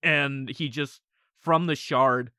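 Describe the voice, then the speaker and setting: A man's voice: mid-range voice, fairly even intonation, takes it slowly, sharp tone, clear, resonant tone, dry recording, clean studio sound. A man narrating a tabletop role-playing game as game master, casual, with frequent laughter and fillers.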